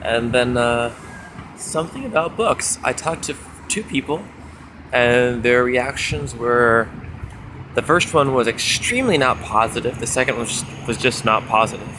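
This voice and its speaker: A man's voice: mid-range voice, moderate pace. Upbeat young man vlogging on a street. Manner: upbeat, chatty, animated retelling with raised acted quotes. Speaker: street book distributor. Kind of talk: casual vlog monologue. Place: outdoors on a foggy city street. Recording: street noise behind. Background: city traffic and street ambience.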